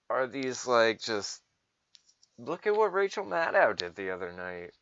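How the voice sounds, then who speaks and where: Man, ranting commentary, sarcastic, profane, lively pitch, muffled lo-fi audio. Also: measured pace, smooth. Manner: sarcastic, profane, mocking voices. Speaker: political commentator.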